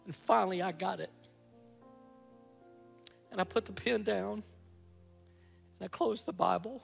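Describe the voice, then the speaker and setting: Man, 50s, pastor, high voice, animated sermon storytelling, echoey hall, soft music behind. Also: a little slow, vocal fry, long pauses. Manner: animated, acts out his own past excitement.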